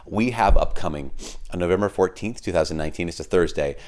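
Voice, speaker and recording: A man, a priest giving a conversational homily and podcast message. He tells stories in a lively, informal way, with fillers and self-deprecating asides. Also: low-pitched, quick pace. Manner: animated storyteller, acts out quoted people in a raised voice.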